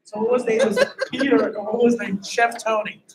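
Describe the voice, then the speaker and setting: A comedian telling animated stories on a live podcast, acting out the people he quotes. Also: sits high, fairly quick, a crowd in the background. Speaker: stand-up comedian and podcast guest. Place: live show venue. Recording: echoey live venue with audience.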